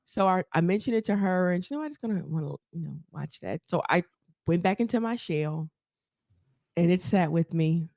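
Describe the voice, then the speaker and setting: A woman, a therapist, telling her story as a podcast guest, animated and laughing often as she acts out quotes. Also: fairly low pitch, moderate pace, no room sound, studio quality. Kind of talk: casual storytelling interview.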